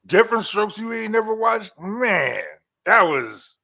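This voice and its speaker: A man's voice: sits high, big pitch swings, measured pace, vocal fry, sharp tone. A man in his forties in casual, teasing chat on a trivia livestream, rambling with restarts as he remembers. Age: 40s. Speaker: livestream co-host.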